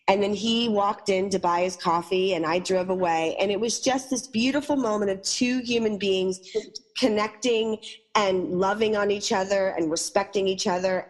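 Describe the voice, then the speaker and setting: A woman in her forties on a talk radio show, telling a personal story and acting out the quoted lines. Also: medium pitch. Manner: animated storyteller who acts out quoted lines.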